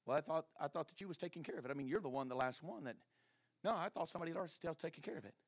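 A man's voice: a little high, animated, rapid-fire, no echo, clean studio sound. A preacher acting out a bickering male disciple who stammers out indignant questions. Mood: defensive.

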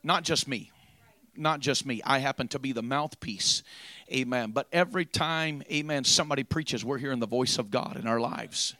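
A man preaching a sermon, moving from quiet storytelling to loud, drawn-out preaching. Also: mid-range voice, no echo.

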